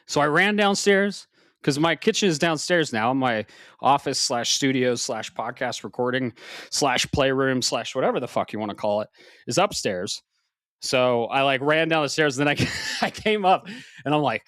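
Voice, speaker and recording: A man's voice: medium pitch, normal speed, dry recording. Breathless guy hosting a gaming podcast, swears a lot, very up and down, dry sound. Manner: swearing, animated, self-mocking. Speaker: podcast host. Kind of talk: casual podcast chat. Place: home office upstairs.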